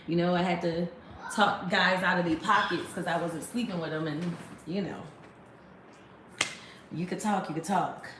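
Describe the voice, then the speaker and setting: A woman's voice: lowish voice, echoey room, slight background noise. A woman in her thirties chatting casually to a phone camera, rambling and laughing often. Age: 30s. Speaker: vlogger.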